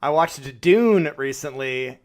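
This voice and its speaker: A man co-hosts a podcast about films, chatting casually, laughing often and swearing freely. His mid-range voice is expressive and slow.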